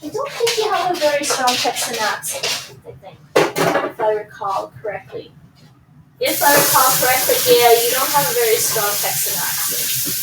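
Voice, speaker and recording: A woman's voice: high voice, animated, normal speed, distant mic, very noisy. A woman, chatting casually and thinking aloud while she cooks at home and answers her stream chat. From Toronto, Canada. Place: home kitchen.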